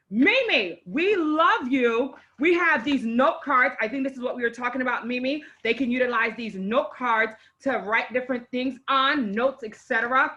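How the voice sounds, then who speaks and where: A woman hosting a live online show gushes and exclaims, nearly in tears as she unboxes gifts and introduces her guest. Born to Haitian parents, she has a high, pushed, bright voice, captured with lo-fi sound.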